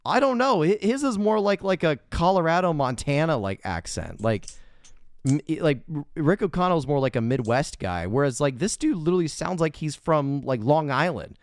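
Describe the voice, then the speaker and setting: Rambling man with smooth clear voice. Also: on the high side, moderate pace, no echo, clean studio sound. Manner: rambling, heavy filler words, animated bursts. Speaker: podcast co-host. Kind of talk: casual movie review chat.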